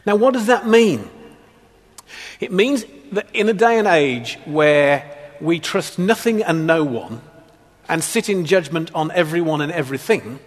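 Guy preaching a sermon, kinda high voice, lots of hall reverb, jokey stories between the scripture bits. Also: lively intonation, unhurried. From England, Black Country. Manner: humorous storytelling preacher.

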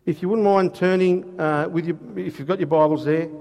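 Guy preaching a sermon, slow and deliberate, kinda high voice, big echoey church hall. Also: fairly even intonation, darkish tone. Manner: measured, rhetorical questions, slow emphatic scripture reading. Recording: long hall reverb.

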